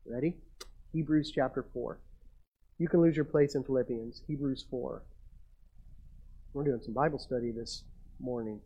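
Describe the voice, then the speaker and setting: A man's voice: medium pitch, normal speed, pauses often, husky, highs cut off. A man preaching a sermon as pastor, talking casually with the congregation and reading scripture aloud.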